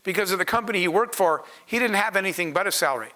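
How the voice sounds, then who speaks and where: Bright, high-voiced man telling a story. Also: animated, very fast. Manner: earnest, conversational, with asides to the audience. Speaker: startup founder speaking on a panel. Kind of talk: storytelling talk to an audience.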